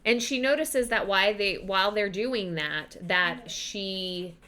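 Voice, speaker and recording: A woman's voice: mid-range voice, slow, sharp tone. Chatty young woman recapping a book. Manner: chatty, rambling, with lots of fillers. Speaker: podcast host.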